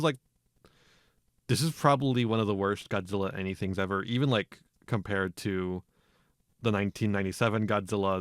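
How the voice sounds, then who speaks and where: A man's voice: on the low side, dry recording. Sweary, laughing podcast guy, dry sound. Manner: animated, swears often, laughs a lot. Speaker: podcast co-host. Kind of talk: casual comedic film discussion.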